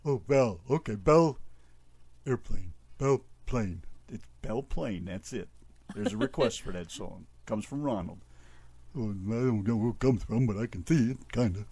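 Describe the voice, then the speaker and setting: A man voicing a grumpy, sleepy male talking dog on a radio show, in a gruff, mumbling tone. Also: lowish voice, measured pace, a little mellow, no room sound, pitched below the performer's own voice. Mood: grumbling.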